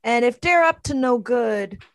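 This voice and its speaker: A woman's voice: a little high, animated, measured pace. A woman voicing a sweet, friendly female pet dog who talks earnestly about being street-smart.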